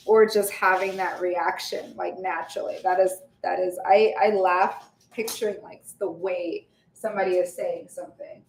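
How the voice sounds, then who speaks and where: A woman talks casually to her live audience while she bakes, laughing often and drifting off mid-thought. Her voice is mid-pitched and rings around a bare home kitchen. A faint hum of room ambience sits underneath. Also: fairly even intonation, a little slow, roomy sound. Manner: chatty, laughs often, trails off with fillers. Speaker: vlogger baking on a livestream. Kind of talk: casual chat while baking.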